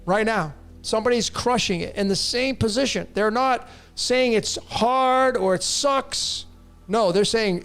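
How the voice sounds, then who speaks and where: A man's voice: high voice, a little slow, a bit bright, soft background music. A man hosting a live stream, answering viewer questions in a blunt, emphatic way and often repeating his phrases. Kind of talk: casual live-stream talk.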